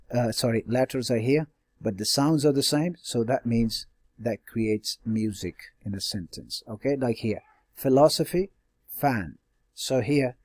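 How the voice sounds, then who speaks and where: A man's voice: medium pitch, no room sound. A male teacher giving a classroom lecture, explaining step by step with many fillers and frequent checks like "all right?". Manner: hesitant fillers and self-corrections. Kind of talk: classroom lecture on stylistic devices.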